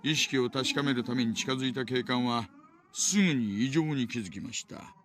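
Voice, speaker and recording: A man voicing a middle-aged police detective in an anime game, calm and explanatory. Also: medium pitch, quick pace, natural voice. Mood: matter-of-fact.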